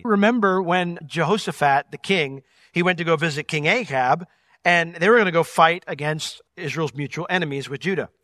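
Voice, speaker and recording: A man preaching a sermon as pastor, animated and acting out the voices of the people in his story. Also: sits high, dry recording, clean studio sound.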